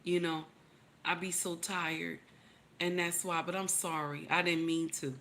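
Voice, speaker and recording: A weary husband, as a woman puts him on, mumbles a soft, meek apology in a lowered, hushed voice. He sounds worn out from work and eager to make peace. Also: level tone, unhurried. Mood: apologetic. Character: tired, apologetic husband speaking softly.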